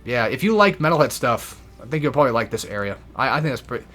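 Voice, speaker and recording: A man's voice: medium pitch, sing-song, quick pace, fairly bright tone, faint music behind. A young man giving casual gameplay commentary, rambling and swearing freely with self-deprecating asides. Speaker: let's play gamer.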